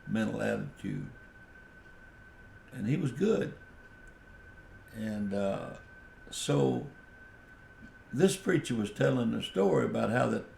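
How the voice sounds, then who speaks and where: Gravelly male radio preacher, unhurried anecdotal delivery in a roomy space. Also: on the low side, darkish tone, slight background noise. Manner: slow, folksy anecdotal telling with quoted dialogue. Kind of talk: radio sermon storytelling.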